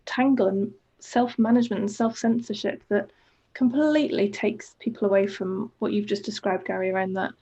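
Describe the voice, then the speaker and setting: A woman's voice: mid-range voice, fairly even intonation, normal speed, hardly any pauses, mellow, husky, highs cut off. A woman co-hosting a coaching podcast, talking in a casual, enthusiastic, rambling way with many "like" fillers. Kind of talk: casual reflective conversation.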